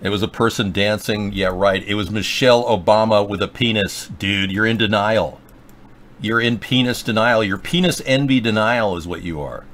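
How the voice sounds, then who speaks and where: A man's voice: lowish voice, normal speed, fairly bright tone. A man hosting a political livestream, rambling and joking with sarcasm. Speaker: livestream show host.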